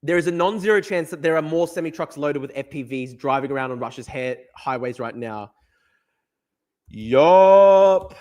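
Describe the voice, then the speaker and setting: A man's voice: steady tone, a little fast, few pauses. A man hosting a live-streamed news show who reacts to chat, swears hard and repeats himself for emphasis. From Australia. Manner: profane, emphatic, repeats himself, mocks in a high voice. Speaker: livestream news host.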